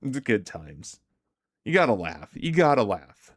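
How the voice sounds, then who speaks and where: Laid-back slow-talking man streaming. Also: fairly low pitch, very animated, no room sound, clean studio sound. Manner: laughs often, answers chat aloud. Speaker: livestream host. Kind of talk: casual livestream chat with viewers. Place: home streaming setup.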